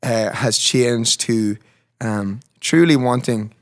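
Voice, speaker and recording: A man's voice: medium pitch, takes it slowly, dry recording, studio quality. A man, a musician guest on a radio show, speaking earnestly and with heartfelt, preacher-like conviction. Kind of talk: casual conversational interview.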